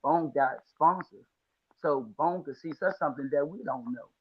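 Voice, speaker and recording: A man from the Washington, D.C. area talks through his lawn care story in casual, slangy podcast chat. His voice sits a little high, and he keeps acting out what people told him. The sound is slightly dull and lo-fi. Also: moderate pace, slightly rough. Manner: storytelling with acted-out quotes, slangy. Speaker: podcast guest, lawn care business owner.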